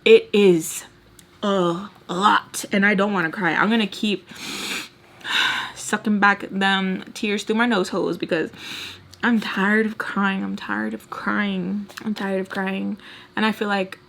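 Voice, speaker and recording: A woman's voice: medium pitch, fairly even intonation, slow, creaky, a bit bright. A young adult woman telling a storytime on camera while doing her makeup, rambling and venting emotionally straight to her viewers. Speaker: storytime vlogger.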